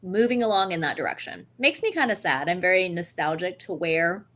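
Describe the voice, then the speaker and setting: A woman co-hosting a relaxed sports chat, her voice sitting a little low. She mostly offers short supportive reactions, then speaks up with her own views. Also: brisk. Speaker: podcast co-host. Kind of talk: casual chat.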